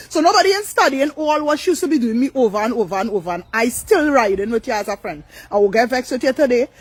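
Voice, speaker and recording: A woman's voice: a little high, expressive, fast, few pauses, slight background noise, poor audio. An older woman, ranting on a live stream, blunt, profane and repetitive. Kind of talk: angry live-stream rant.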